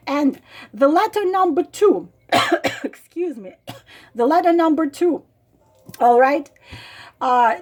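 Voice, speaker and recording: A woman's voice: high voice, a little mellow. A woman who reads tarot, talking to camera in an emotional, exasperated monologue that keeps circling back to the same points. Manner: exasperated, emphatic, repeats herself. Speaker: tarot reader and psychic vlogger.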